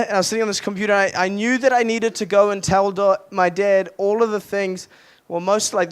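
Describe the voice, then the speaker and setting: A man's voice: high-pitched, clean tone. A young adult man, a youth pastor, giving a casual, earnest sermon at a retreat with lots of restarts and fillers.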